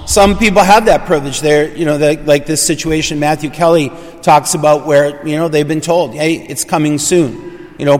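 A man who is a priest, reading the gospel and then giving a conversational homily with fillers and restarts. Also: a little high. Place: church. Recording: long church reverb.

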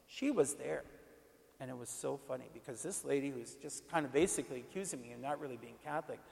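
Gravelly-voiced priest in a reverberant hall. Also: male voice, medium pitch, fast talker, darkish tone. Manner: conversational, emphatic, repeats himself. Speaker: Catholic parish priest. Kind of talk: informal teaching talk.

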